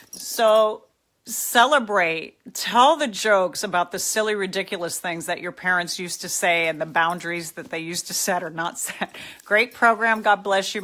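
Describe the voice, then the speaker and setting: Her voice is bright and forceful at a medium pitch. She's a middle-aged woman hosting a live chat, going through viewer comments and replying in an emotional, heartfelt and encouraging manner.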